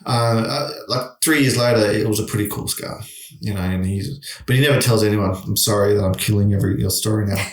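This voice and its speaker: A man's voice: fairly low pitch, fairly quick, distant mic. A middle-aged man, telling a long story in casual chat, with many restarts. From Australia. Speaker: guest. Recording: echoey room.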